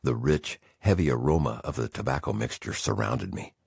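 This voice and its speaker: A man's voice: very deep voice, normal speed, vocal fry, a little mellow, husky, no room sound, studio quality. A man narrating a memoir audiobook in the first person with intense, emotional storytelling.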